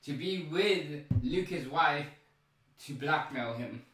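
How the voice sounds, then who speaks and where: A man casually recapping a TV episode, rambling and excitable, stumbling over repeated words and restarts. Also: fairly high pitch, slow, slight background noise. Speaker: show recap vlogger. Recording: very echoey room, mic far off.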